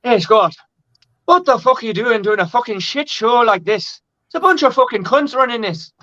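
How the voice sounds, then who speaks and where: A man's voice: very high voice, lively intonation, normal speed, sharp tone, no room sound, dull audio, pitched above the performer's own voice, exaggerated voice. Man doing a foul-mouthed ranting Irish guy. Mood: scornful. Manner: heavy swearing, scornful.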